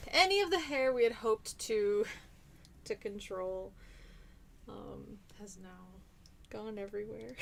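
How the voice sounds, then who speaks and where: A woman's voice: medium pitch, vocal fry. Chatty New woman streaming. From New Zealand. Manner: chatty and hesitant, many ums and restarts. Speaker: livestream host. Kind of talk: casual livestream chat answering viewer comments.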